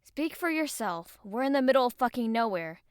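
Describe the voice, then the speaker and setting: A woman's voice: fairly high pitch, big pitch swings, fairly quick, smooth, no room sound, clean studio sound. A woman voicing a cocky, crude young succubus in an audiobook, talking in a sarcastic way. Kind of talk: audiobook character voice.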